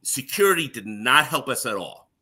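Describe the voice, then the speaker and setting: A middle-aged man, a guest and former page, telling stories in a casual, animated way and laughing often. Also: medium pitch, normal speed, breathy edge. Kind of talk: casual storytelling.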